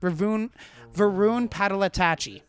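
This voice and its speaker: Young male podcast host, high voice, smooth and clear, casual profane storytelling. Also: unhurried. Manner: loose, profane storytelling with frequent laughter. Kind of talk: casual chat.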